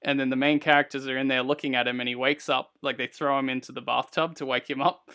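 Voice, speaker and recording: A man's voice: mid-range voice, level tone, fast talker, sharp tone, smooth. A man hosting a podcast, chatting casually and rambling with lots of "like" and "you know". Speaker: podcast host. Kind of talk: casual interview chat.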